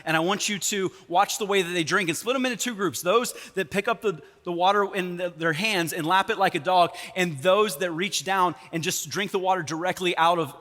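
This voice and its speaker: A man acting out God speaking patiently to a worshipper, lower and softer than his own preaching voice, in a long reverberant hall. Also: fairly quick, hardly any pauses. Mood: instructive.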